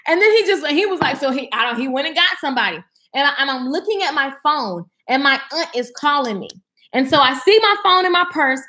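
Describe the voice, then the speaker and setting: Animated, bright-voiced woman storyteller. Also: sits high. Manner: animated, dramatic, swings from hushed to loud. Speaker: speaker telling a personal story. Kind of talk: casual storytelling to an audience.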